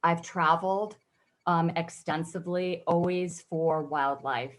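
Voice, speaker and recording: Low-voiced earnest woman telling her story. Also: fairly even intonation, a little slow. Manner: reflective, earnest, emotional at times. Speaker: guest photographer. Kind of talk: personal interview storytelling.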